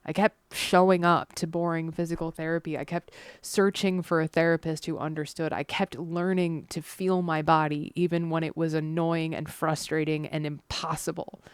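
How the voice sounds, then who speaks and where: Woman with a low voice reads her own essay aloud: earnest, frank, wryly funny, dry booth sound. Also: level tone, moderate pace, few pauses, clean tone, dry recording. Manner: candid and earnest, with blunt swearing and self-aware humor. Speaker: creator reading her own essay series. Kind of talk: reading a personal essay aloud.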